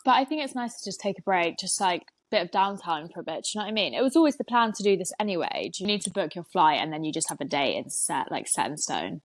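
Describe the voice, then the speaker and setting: A woman, co-hosting a podcast and telling everyday stories in a chatty, animated way over a video call. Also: on the low side, fast, few pauses. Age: 20s. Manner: chatty, animated storytelling with laughs. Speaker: podcast co-host.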